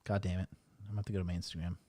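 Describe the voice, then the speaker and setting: A man's voice: deep voice, little pitch movement, racing, mellow, no room sound. A man running a casual livestream as a dating coach, talking in a rambling, blunt, profane way.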